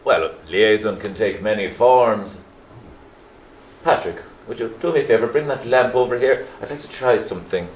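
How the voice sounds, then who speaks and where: An actor with a Liverpool accent playing a pompous, meddling middle-aged Catholic priest who hesitates and repeats himself. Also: male voice, lowish voice, normal speed, a little mellow, lightly acted. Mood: smug, probing. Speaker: parish priest. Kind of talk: stage play acting. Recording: echoey stage with faint noise.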